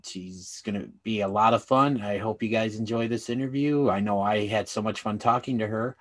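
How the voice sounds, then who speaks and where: A man's voice: fairly low pitch, normal speed, fairly bright tone. A man hosting a wrestling podcast, introducing his guest in a friendly, rambling way with fillers and restarts. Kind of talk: casual interview hosting.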